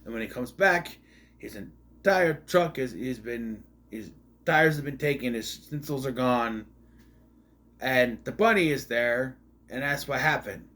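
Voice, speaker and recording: A man's voice: medium pitch, a little slow, fairly bright tone. Rambling sarcastic man reviewing a movie. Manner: rambling, sarcastic, with frequent asides and restarts. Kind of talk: casual spoken movie review.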